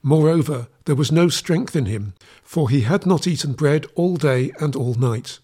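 Male scripture reader, slightly high and husky voice, slow, steady, reverent delivery. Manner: measured, steady, reverent reading. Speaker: Bible reader.

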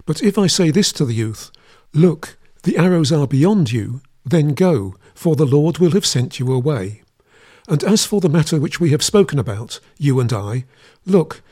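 Man reading scripture, steady and measured. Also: on the high side. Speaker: scripture reader.

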